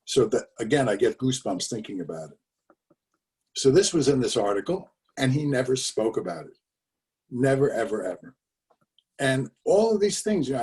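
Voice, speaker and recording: A man's voice: medium pitch, darkish tone, recorded from a distance. Older man storytelling on a video call. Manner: conversational storyteller with fillers and emphatic repetitions. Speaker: speaker telling his father's story.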